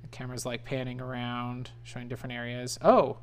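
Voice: mid-range voice, completely flat delivery, quick pace, smooth. A gamer casually narrating a video game playthrough, describing the action and reading out character lines as they go. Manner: chatty, narrates action with "and he goes". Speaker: let's play gamer.

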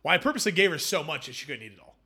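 As an interview guest, this young hummus company founder recounts how he started out, very fast, with a fairly high, husky voice. He sounds bright and forceful, his voice slightly raised, and animatedly acts out quoted voices in the casual chat.

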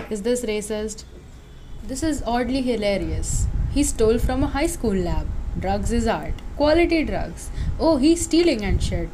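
A woman's voice: mid-range voice, a little mellow, a little hiss or hum. A young woman co-hosting a casual podcast, bluntly reading out her sarcastic reactions. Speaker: podcast co-host.

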